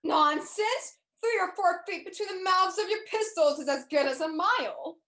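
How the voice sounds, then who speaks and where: Woman doing a breezy duel-happy gent, kinda high, echoey room on a video call. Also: moderate pace, sharp tone. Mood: cheerfully blunt. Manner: cheerfully blunt, relishing morbid talk. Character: bold Irish gentleman duelist, Sir Lucius. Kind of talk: live online stage acting.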